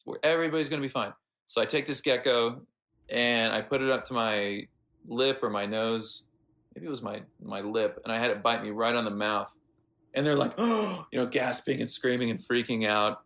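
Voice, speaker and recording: An American man, a veterinarian guest, telling animated stories in a casual interview with plenty of fillers. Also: mid-range voice, normal speed. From United States. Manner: animated anecdotes with lots of fillers.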